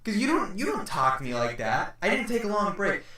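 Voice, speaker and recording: A teenage podcast host tells a long story in a casual chat, rambling and swearing as he acts out what people said. His voice is high and sing-song, brisk, bright, and forceful. The room is echoey and the mic sits at a distance.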